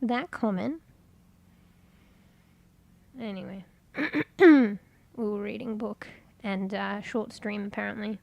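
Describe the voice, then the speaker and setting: A woman's voice: medium pitch, takes it slowly, creaky, pauses often, darkish tone. A woman, chatting casually and rambling while streaming, swearing offhand and sounding congested.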